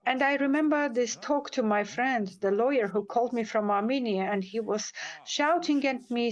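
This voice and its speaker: A woman's voice: fairly high pitch, moderate pace, dull audio. A woman speaking as a symposium panelist, giving impassioned, firm remarks with frequent hesitations and repeated words.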